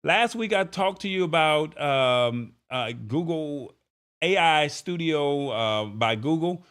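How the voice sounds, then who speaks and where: A man's voice: on the high side, slow pace, clear, resonant tone. A man hosts a live tech show in a casual, chatty way. He talks to his viewers directly, with an easygoing, conversational flow. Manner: relaxed, chatty, thanks viewers by name. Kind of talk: casual livestream chat.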